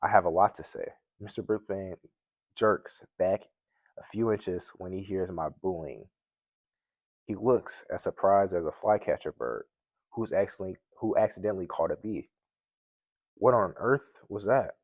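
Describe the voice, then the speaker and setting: Deep-voiced man reading a children's book. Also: normal speed, darkish tone, no room sound. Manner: plain reading with occasional slips and restarts. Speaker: mystery guest reader. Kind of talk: children's book read-aloud.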